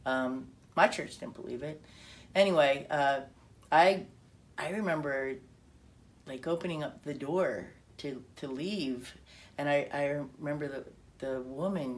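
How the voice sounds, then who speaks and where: A woman's voice: low voice, unhurried. A woman telling a personal testimony story, acting out quoted dialogue with frequent restarts. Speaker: speaker telling her testimony.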